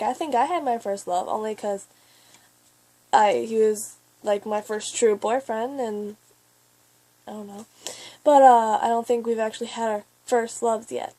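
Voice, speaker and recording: A teenage girl telling a long, rambling story to camera in a chatty way. She often swears and then apologizes, and she keeps breaking off into quick asides. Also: on the high side, mellow. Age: teens. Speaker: vlogger.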